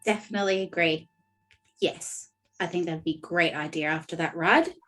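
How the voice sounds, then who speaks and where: A woman's voice: lowish voice, normal speed, a bit bright, faint music behind. Woman player chatting about her character. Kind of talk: describing her character in casual chat.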